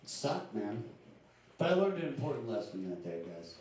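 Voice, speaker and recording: A man's voice: medium pitch, sing-song, normal speed, a crowd in the background. A young man from Louisiana doing a stand-up comedy set on a club stage, casual and confiding with punchy delivery. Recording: echoey club room from far off.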